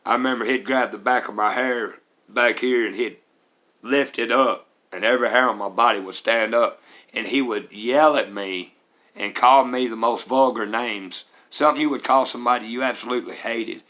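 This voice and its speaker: A man's voice: mid-range voice, moderate pace, sharp tone. Candid Mississippi man telling his story. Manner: candid, plain-spoken, with hesitant fillers. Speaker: vlogger sharing his recovery story. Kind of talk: personal storytelling.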